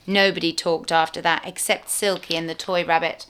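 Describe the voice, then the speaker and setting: A woman, a teacher, reading a storybook aloud to young children with clear, expressive storytelling. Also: on the low side, moderate pace, hardly any pauses.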